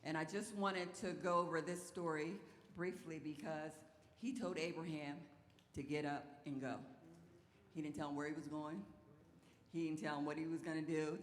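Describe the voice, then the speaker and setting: A woman pastor preaching a sermon in an animated storytelling way, her voice rising into exclamations. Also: sits low. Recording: echoey hall with long reverb.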